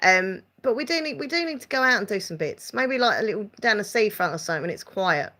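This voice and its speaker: Essex woman rambling on a live stream, bright tone, giggly, chats to her viewers. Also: medium pitch, animated, quick pace. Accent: Essex English. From England. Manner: chatty and rambling, reads out viewer comments. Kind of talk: casual live-stream chat.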